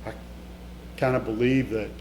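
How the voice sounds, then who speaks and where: A man's voice: on the low side, steady tone, moderate pace, darkish tone. Middle-aged male keynote speaker, heartfelt storyteller, talks right at the crowd; roomy hall with a faint hum. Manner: emotional, conversational, addresses the audience directly. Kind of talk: motivational storytelling speech. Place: event hall before a live audience.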